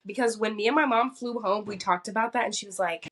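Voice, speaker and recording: A young woman co-hosting a podcast, telling animated, profane stories in casual chat and mimicking other people's lines. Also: medium pitch, quick pace. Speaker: podcast co-host.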